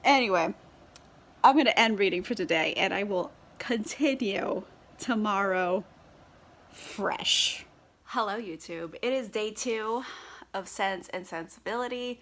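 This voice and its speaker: A woman's voice: medium pitch, measured pace, fairly bright tone. A woman casually reviewing a book while tipsy on wine, chatty and giggly with lots of fillers and swearing, recorded on a camera set on a tripod. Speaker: book vlogger.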